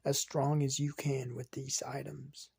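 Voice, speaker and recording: A storyteller quietly voicing scheming Loki. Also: medium pitch, little pitch movement, a little slow, vocal fry, slightly rough, no room sound, studio quality, full character voice. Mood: insistent. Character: scheming trickster god Loki bargaining for power.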